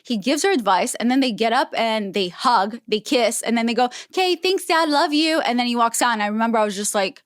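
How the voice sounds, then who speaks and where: A woman's voice: fairly high pitch, fast talker, hardly any pauses, dry recording, clean studio sound. A woman on a podcast as a guest, telling a story in casual talk, acting out quoted voices and often restarting her sentences. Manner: animated, acts out quoted voices, frequent restarts.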